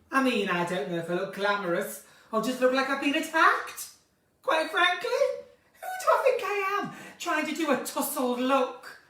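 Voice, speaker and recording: A woman hosting a casual live chat from her kitchen at home, theatrical and chatty, swinging between bright exclamations and low asides. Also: expressive, slow pace, pauses often. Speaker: live-stream host chatting with viewers. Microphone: phone or webcam in a live stream. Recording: roomy, distant from the mic.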